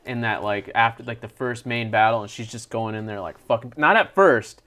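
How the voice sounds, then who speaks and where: A man's voice: mid-range voice, a little fast. Blunt, swearing male movie reviewer. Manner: blunt, swears a lot, animated. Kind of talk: casual chat.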